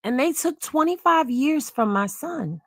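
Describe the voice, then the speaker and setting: A middle-aged woman talks frankly and emotionally in a livestream, leaning on repeated words for emphasis. Her voice sits a little high and carries a gravelly fry. The recording is dry and close. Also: lively intonation, a little slow, a bit bright, dry recording. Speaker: blogger. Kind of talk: candid livestream commentary.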